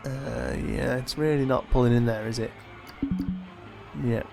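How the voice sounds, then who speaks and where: Tired, gravelly man narrating gameplay. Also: medium pitch, measured pace, loud music behind the voice. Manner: thinking aloud, relaxed and chatty. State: tired, yawning. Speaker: let's play host. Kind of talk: casual gameplay commentary.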